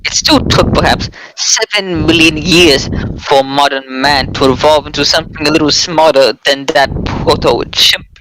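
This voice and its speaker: A man reading the lines of a dismissive, lecturing male professor. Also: on the high side. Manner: scoffing, lecturing. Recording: clear background noise.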